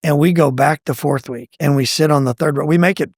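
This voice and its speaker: A middle-aged man telling his own faith testimony in a conversational, animated way, acting out what people said. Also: fairly quick, dry recording, clean studio sound. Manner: animated, acts out quoted lines with pitch jumps. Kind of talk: conversational storytelling.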